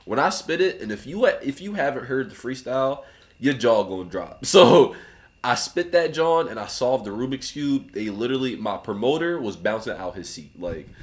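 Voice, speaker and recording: A young man, a rapper guest on a podcast, telling a story in a relaxed casual way, laughing often and acting out other people's lines. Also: mid-range voice. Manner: laughs often, acts out voices in anecdotes.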